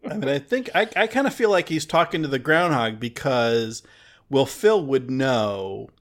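A man co-hosting a casual film discussion, musing out loud with hesitant restarts. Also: medium pitch, lively intonation, moderate pace. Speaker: podcast co-host.

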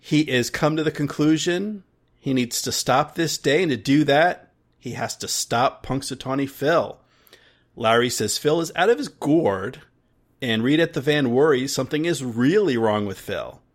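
Mid-pitched man rambling on a podcast. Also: expressive, moderate pace. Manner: rambling, many restarts and fillers, laughs often. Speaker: podcast co-host. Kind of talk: casual podcast chat.

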